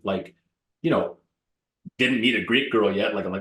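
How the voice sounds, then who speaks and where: Man in his 30s, lowish voice, blunt and animated, echoey room. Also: normal speed, pauses often. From Canada. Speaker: guest, real estate broker. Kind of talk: interview storytelling. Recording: roomy echo.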